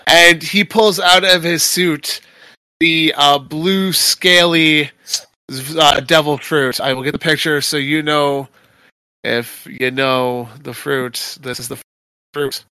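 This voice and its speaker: A man's voice: a little high, steady tone, slow pace, sharp tone, clear, resonant tone, no echo. A man narrating as game master of a tabletop game, describing scenes in a rambling way with fillers.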